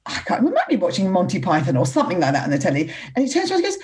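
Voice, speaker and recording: A woman's voice: lowish voice, wildly swooping pitch, racing. A middle-aged woman, hosting a casual chat and laughing often as she talks. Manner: giggly, warm and chatty.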